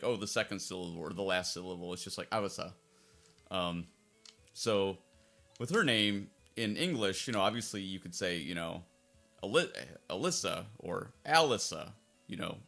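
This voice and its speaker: Low-pitched with vocal fry and a sharp tone, this man offers casual let's-play commentary on a game playthrough as its fan translator. He rambles and keeps circling back to earlier points.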